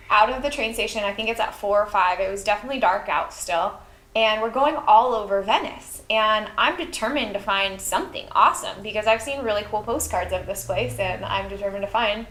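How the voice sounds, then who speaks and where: A woman in her twenties telling a travel story in a lively, animated way during a casual chat. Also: mid-range voice, moderate pace. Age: 20s. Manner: lively storyteller, animated when quoting others. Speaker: guest. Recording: echoey room.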